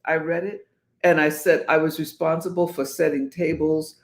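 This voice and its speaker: A woman's voice: sits low, little pitch movement, moderate pace, echoey room. An older woman, co-hosting a chat with her daughter, proper and protesting. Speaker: co-host, mother. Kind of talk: casual chat.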